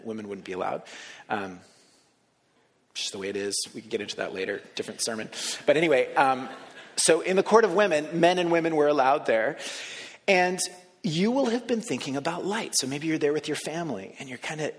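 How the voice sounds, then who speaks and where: Man preaching in a reverberant hall. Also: medium pitch. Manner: conversational guided imagining, swings between soft hushed lines and raised emphasis. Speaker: pastor. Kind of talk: sermon. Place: church sanctuary. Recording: long reverb of a large hall.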